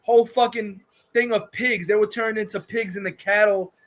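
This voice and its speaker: A man's voice: sits high, steady tone, normal speed, fairly bright tone. A man hosting a livestream, ranting crudely and rambling about movies, laughing often. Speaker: streamer host. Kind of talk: casual livestream rant.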